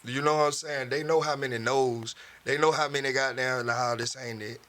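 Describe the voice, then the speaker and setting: Dude hosting a podcast, keeps saying facts, cusses a lot, blunt. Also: male voice, medium pitch, steady tone, brisk, pushed and bright. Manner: emphatic, agreeing, swears freely. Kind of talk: casual podcast chat.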